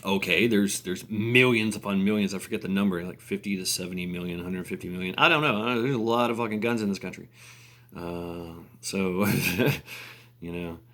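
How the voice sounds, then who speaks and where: A man's voice: low voice, fairly bright tone. A man ranting casually on camera, rambling with fillers, restarts and laughter. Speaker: vlogger. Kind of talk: casual rant.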